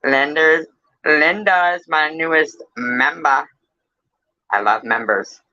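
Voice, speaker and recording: A woman's voice: low-pitched, slow pace, bright, forceful tone, muffled recording. A woman hosting a casual livestream, chatting with viewers in a playful, teasing way and swearing freely. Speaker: livestream host.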